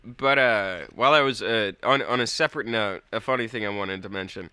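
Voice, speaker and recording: Young man, podcast co-host, very bright voice, dry close sound, rambling casual storytelling. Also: on the low side, brisk, clean tone, dry recording. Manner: rambling storytelling, swears freely. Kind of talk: casual chat.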